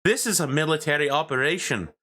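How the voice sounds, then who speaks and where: A man playing a young soldier who snaps out complaints and curses in a loud, high, strained voice. The delivery sounds bright and tense. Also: quick pace. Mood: angry. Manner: loud, indignant, swearing. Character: angry young male private, cursing.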